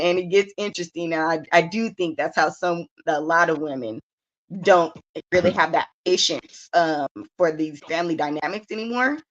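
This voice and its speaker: Candid, laughing woman, lo-fi podcast. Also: lowish voice. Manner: candid and expressive, swears freely, laughs often. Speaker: podcast co-host. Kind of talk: casual chat. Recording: dull lo-fi sound.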